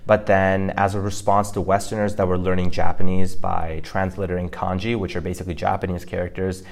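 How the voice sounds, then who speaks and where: A man with a very low voice talks through a language lesson in a relaxed podcast manner. He explains patiently and fills his pauses with um and like. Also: gravelly. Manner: explanatory, with frequent fillers. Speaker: podcast co-host teaching Mandarin.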